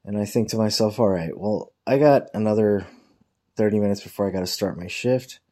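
A man with a lowish, mellow voice talks briskly through a rambling workplace story laced with profanity. He keeps it casual and quotes coworkers in mocking tones.

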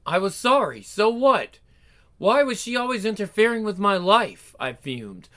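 A man's voice: high voice, sing-song, measured pace, sharp tone, exaggerated voice. A man voicing a headstrong young woman who tells her own story with melodramatic flair. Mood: wistful.

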